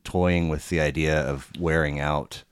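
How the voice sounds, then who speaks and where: A man's voice: rumbling low, steady tone, measured pace, smooth, no room sound, clean studio sound. A man talking as a podcast guest in a casual conversation, rambling and cursing freely, with many restarts.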